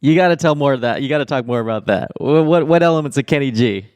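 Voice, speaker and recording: A man's voice: mid-range voice, animated, fast, darkish tone, no room sound. Enthusiastic, rambling male podcast co-host. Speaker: podcast co-host and former writer. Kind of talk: casual chat.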